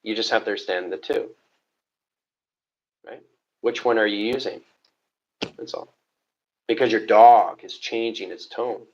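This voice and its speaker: A man's voice: on the low side, steady tone, a little slow, pauses often. A man teaching in a live question-and-answer stream, lecturing in repetitive lists. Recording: dull lo-fi stream audio.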